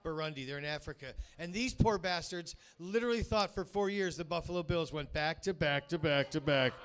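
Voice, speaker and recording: A stand-up comedian with a high, bright, clear and resonant voice works a comedy club crowd through a handheld mic, talking a little fast. His set rambles, swears freely, baits the audience and is padded with fillers.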